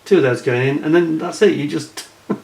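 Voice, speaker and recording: A man's voice: a little high, brisk, vocal fry, darkish tone. Chatty man in an echoey room. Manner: chatty, muttering asides to himself. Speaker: model kit reviewer. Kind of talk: casual unboxing commentary. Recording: echoey room with faint noise.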